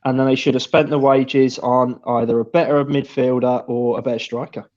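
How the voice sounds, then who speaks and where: A man's voice: mid-range voice, flat delivery, moderate pace, muffled recording, a crowd in the background. A man giving exasperated opinions in a football watch-along, stumbling and repeating himself, over a video call. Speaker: fan show pundit.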